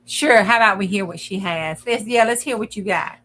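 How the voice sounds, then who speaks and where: A woman's voice: medium pitch, fairly quick, a bit bright, slight background noise. A woman, chatting casually and telling stories in her craft vlog, bossy with her smart speaker. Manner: chatty, storytelling, bossy with the assistant. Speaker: craft vlogger. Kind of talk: casual chat.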